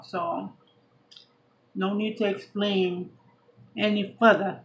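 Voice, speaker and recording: A woman with a Southern US accent, chatting and eating on camera in a laid-back, slangy way. Her voice sits at an ordinary middle pitch for a woman. The camera audio is a little dull and lo-fi. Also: unhurried. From Brooklyn, New York. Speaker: mukbang vlogger. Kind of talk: casual mukbang chat while eating. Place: at home by a window.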